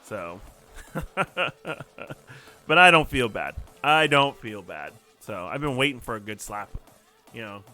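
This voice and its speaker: A man's voice: mid-range voice, sing-song, slow pace, soft background music. Profane, fired-up man ranting on stream. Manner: heated, profane, ranting with swings in loudness. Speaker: livestream host. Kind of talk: casual livestream rant. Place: his apartment.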